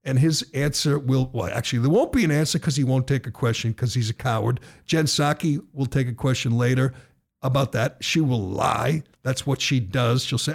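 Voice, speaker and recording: A middle-aged American man hosting a political talk radio show, sarcastic and given to loud rhetorical questions, speaking in a studio. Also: medium pitch, normal speed, vocal fry, husky.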